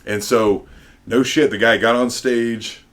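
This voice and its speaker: A man, a tattoo artist, telling stories in casual chat, animated and quick to laugh, with lots of fillers. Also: mid-range voice.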